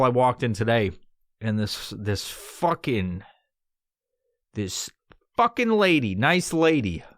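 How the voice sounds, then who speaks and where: A man's voice: fairly high pitch, fairly bright tone, no room sound. A man from New York hosting a solo podcast, rambling and swearing in an exaggerated tough-guy tone he admits to putting on in his studio. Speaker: podcast host.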